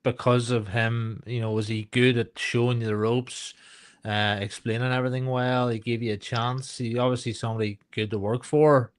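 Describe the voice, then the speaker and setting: A man's voice: mid-range voice, flat delivery, moderate pace. A man hosting a podcast, asking questions and encouraging his guest with short approving replies. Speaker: podcast host. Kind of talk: casual interview.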